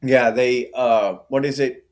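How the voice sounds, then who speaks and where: A man's voice: medium pitch, steady tone, slow. A middle-aged man hosting a casual livestream, chatting and answering viewer comments by name. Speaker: livestream host.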